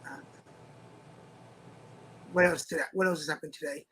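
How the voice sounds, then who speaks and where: Male co-host with a husky voice, easygoing and supportive. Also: fairly high pitch, fairly even intonation, moderate pace, fairly bright tone. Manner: short encouraging replies. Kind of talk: casual chat.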